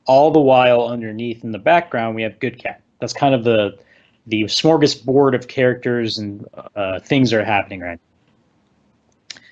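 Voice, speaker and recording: A man's voice: medium pitch, normal speed, darkish tone. Guy rambling through a movie recap, acts out the quotes, kinda muffled sound. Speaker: podcast co-host. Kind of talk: casual movie discussion.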